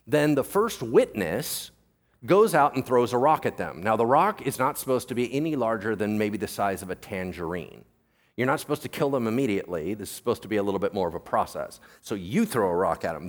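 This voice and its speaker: A male pastor with a medium-pitched voice delivers a chatty sermon, tossing quick questions at the congregation. His earnest teaching is sprinkled with jokey asides.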